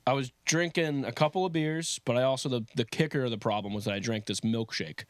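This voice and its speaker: A young man swearing his way through a rowdy story for a podcast, his words tumbling out fast. The recording is dry and close, with no room sound. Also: medium pitch, dry recording. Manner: profane, animated storyteller. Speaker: podcast co-host. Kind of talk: casual chat, storytelling.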